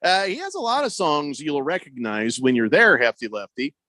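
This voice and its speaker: A man's voice: on the high side, sing-song, normal speed, pushed and bright, no echo. A man hosting a sports talk radio show, rambling and joking as he reads listener texts aloud. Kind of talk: casual call-in talk radio. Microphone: studio microphone.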